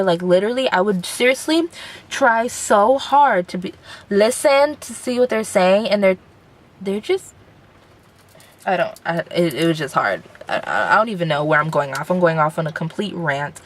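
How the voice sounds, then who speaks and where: A woman's voice: mid-range voice, expressive, moderate pace. Chatty young woman ranting in a car. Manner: rambling, chatty, filler-heavy. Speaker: vlogger. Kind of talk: casual car vlog rant. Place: inside a car.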